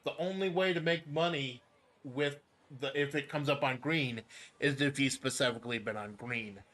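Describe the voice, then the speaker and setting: Male stream host, middle pitch, stammers and swears, patient rule explainer. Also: moderate pace, fairly bright tone. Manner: stammering repeats, profane, jokey; explains game rules step by step. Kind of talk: casual game stream chat.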